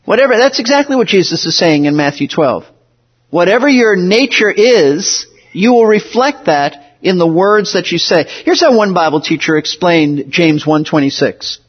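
High-voiced man preaching a sermon, lo-fi. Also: expressive, normal speed, breathy edge. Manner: earnest, emphatic preaching with repeated phrases. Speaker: pastor. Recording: dull, lo-fi sound.

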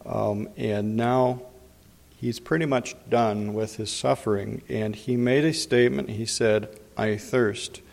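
A man giving Bible teaching in an unhurried way, pausing often with fillers. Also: medium pitch, steady tone, vocal fry, darkish tone. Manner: unhurried, frequent pauses and fillers. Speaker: preacher. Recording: long hall reverb.

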